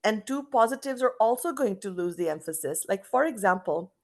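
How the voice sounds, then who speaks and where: A middle-aged woman from Canada leads an online English lesson over a video call. She talks emphatically, working through example sentences and restarting her phrases as she thinks. Her pitch sits in the middle range for a woman. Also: lively intonation, fairly quick. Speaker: English teacher.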